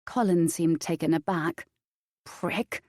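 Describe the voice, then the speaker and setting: Mellow-voiced woman narrating an audiobook. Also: lowish voice, slow pace, dry recording, studio quality. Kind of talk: scripted first-person narration.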